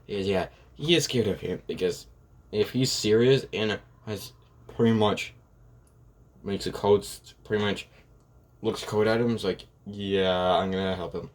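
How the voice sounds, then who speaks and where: A man's voice: on the low side, measured pace, long pauses. A man casually retelling a fan-made story in a rambling way, full of fillers. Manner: rambling, full of "like" and "pretty much".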